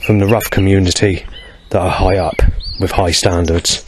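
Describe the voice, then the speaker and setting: A man's voice: low voice, fairly even intonation, measured pace, slight background noise. A man vlogging in a rambling, hesitant monologue, full of fillers and restarts.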